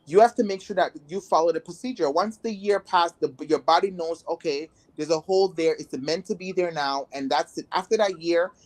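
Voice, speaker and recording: A woman's voice: on the low side, a little fast, hardly any pauses, a little mellow. A woman guest in a casual interview who talks bluntly and rambles, with many filler words. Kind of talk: casual candid conversation.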